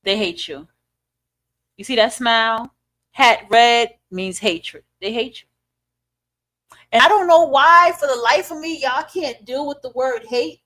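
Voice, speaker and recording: A woman's voice: on the high side, measured pace, pauses often, bright, forceful tone. Profane, preachy woman podcast host. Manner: blunt, profane, preachy, with rhetorical questions. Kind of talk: ranting commentary monologue.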